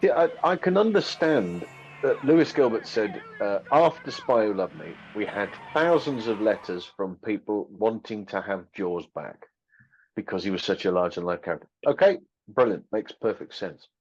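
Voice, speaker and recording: Skeptical dry guy on a film podcast, lowish voice, kinda dull lo-fi sound. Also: animated, normal speed, breathy edge. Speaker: podcast panelist. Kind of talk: casual film discussion.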